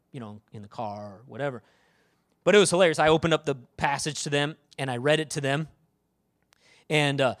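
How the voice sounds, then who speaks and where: A middle-aged man preaches with a notably high voice, swinging between loud bursts and quiet asides. He keeps checking in with the congregation as he goes. The sound is dry and close, with little room echo. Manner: animated, calls out to the congregation. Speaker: pastor. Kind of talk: sermon.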